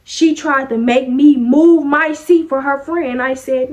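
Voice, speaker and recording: 一位年轻女性的声音偏高，以随意聊天的方式讲述学校里的故事，语气泼辣爽快，时常模仿别人说话的口吻。她的声音高而明亮，叙述流畅，带有生活化的口语感。. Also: female voice, sits high, measured pace. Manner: chatty, sassy, acts out quoted lines. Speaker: vlogger. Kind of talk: casual storytime vlog.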